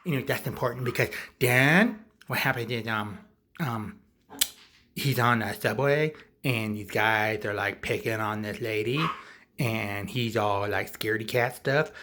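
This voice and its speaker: A man's voice: on the low side, a little slow, sharp tone. A man rambling casually through a comic movie recap, offhand and full of fillers. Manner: rambling, offhand, lots of likes and ums.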